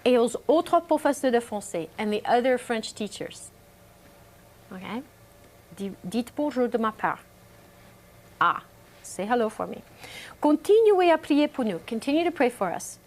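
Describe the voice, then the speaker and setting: A woman's voice: fairly high pitch, animated, measured pace, pauses often. A middle-aged woman teaching French to a remote class, reading French sentences aloud and translating each one into English with many fillers.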